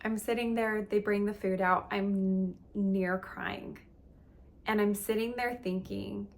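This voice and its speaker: Candid woman coach with a gravelly edge. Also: medium pitch, steady tone, a little slow. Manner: candid, emotional, filler-heavy with frequent "like". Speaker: relationship and meditation coach. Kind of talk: personal storytelling in a coaching talk.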